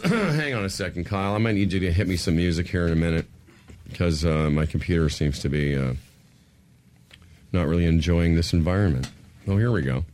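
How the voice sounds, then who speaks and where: A man's voice: low voice, brisk, darkish tone. A man hosting a radio talk show, chatting loosely and rambling between topics.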